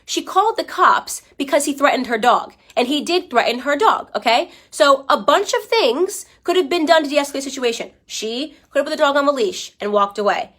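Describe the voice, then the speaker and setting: A woman's voice: sits high, animated, a little fast, hardly any pauses, a bit bright. Emphatic woman arguing her case. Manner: emphatic and argumentative, tags points with "okay?"; fires rhetorical questions at viewers. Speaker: political commentator. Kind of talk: opinion commentary livestream.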